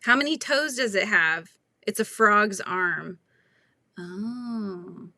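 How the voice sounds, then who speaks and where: A woman's voice: medium pitch, slow pace, bright, forceful tone, no room sound. A woman hosting a live crochet chat, thinking aloud and talking through pattern steps with viewers. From California. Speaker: crochet livestream host.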